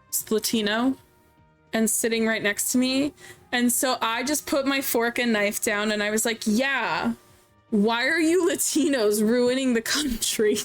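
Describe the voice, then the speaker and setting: Woman streamer w/ a higher voice just chatting while she plays, lively storyteller, some music low behind her. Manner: chatty, animated storytelling with laughs. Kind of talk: casual chat while gaming.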